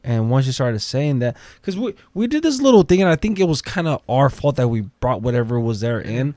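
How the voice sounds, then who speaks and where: A man's voice: medium pitch, sing-song, fairly quick, mellow, dry recording, studio quality. A man guest on a podcast, telling a story casually and acting out the quotes, with swearing.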